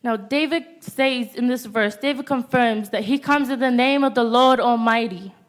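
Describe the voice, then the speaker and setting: A woman's voice: fairly high pitch, moderate pace. A teenage girl preaching a youth-service sermon in a church, stopping to ask the congregation "Amen?" after nearly every point. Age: teens.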